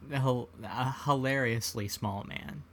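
A man's voice: medium pitch, takes it slowly, a bit bright. A man in casual conversation, retelling movie scenes in a laid-back way. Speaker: podcast co-host. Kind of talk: casual film discussion.

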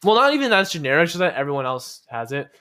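Deadpan young man joking on a podcast. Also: on the high side, fast talker, a crowd in the background. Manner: deadpan, absurd joking with hesitant fillers. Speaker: podcast co-host. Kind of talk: casual comedic chat.

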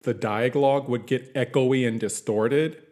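A man's voice: medium pitch, steady tone, unhurried, a little mellow. A man chatting casually, recapping a TV series in a rambling, easygoing way with many fillers. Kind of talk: casual chat.

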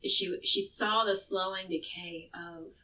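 A woman's voice: mid-range voice, fairly even intonation, takes it slowly, bright, forceful tone, recorded from a distance, poor audio. A woman co-hosting a podcast, telling a true crime case in a casual, chatty way with some swearing. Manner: chatty, swearing, restarts words.

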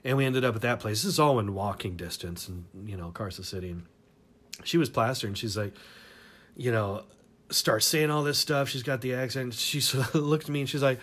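A man spins a crude personal anecdote in an easy, casual way. He rambles, swears freely and chuckles at his own story. His voice sits at an ordinary middle pitch. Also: fairly quick, a bit bright. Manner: rambling, profane, laughs through his stories.

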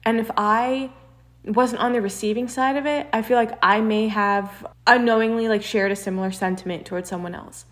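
A woman's voice: fairly high pitch, moderate pace. A young woman telling a personal story in casual chat, acting out what others said. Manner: animated storyteller, acts out quotes.

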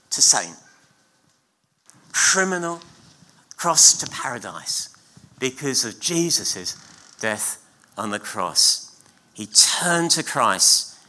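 Middle-aged male pastor, unhurried sermon delivery, very bright, cutting voice, emphatic repeats. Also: fairly low pitch. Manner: emphatic preaching with repeated phrases and slow pauses. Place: church.

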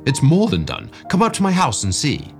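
Man playing a frantic, shouting scientist. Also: very animated, faint music behind. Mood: excited. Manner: fast, shouting, high-pitched bursts. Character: excitable male scientist, breathless and eager. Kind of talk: audiobook character voice.

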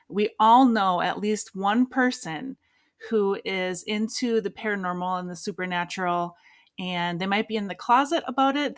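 A woman's voice: medium pitch, fairly bright tone. Woman host closing a podcast. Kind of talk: podcast outro.

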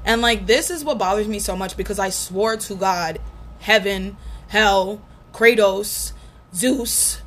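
A young woman in her twenties tells a personal breakup story with blunt, profane candor and lots of animation. Her voice sits at a middle pitch. There is a faint hiss of background noise behind her. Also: slow, a bit bright. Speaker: vlogger. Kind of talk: casual storytelling.

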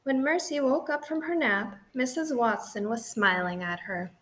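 A woman narrating a children's audiobook in a gentle, clear and expressive way. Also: on the high side, moderate pace.

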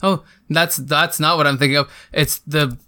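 A man's voice: on the high side, steady tone, moderate pace, sharp tone, slight background noise. A man chatting as a podcast guest, rambling and hesitant, with many fillers. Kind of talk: casual interview chat.

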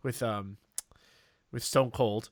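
A man hosting a podcast who rambles through a long story in casual chat, with plenty of ums and restarts. His voice sits at a middle pitch, and it is recorded dry and close, with no room echo. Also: fairly even intonation, slow. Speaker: podcast co-host.

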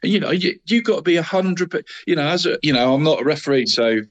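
A man's voice: a little high, animated, quick pace, muffled recording. A man, co-hosting a casual football chat, rambling on and calling his co-host mate constantly.

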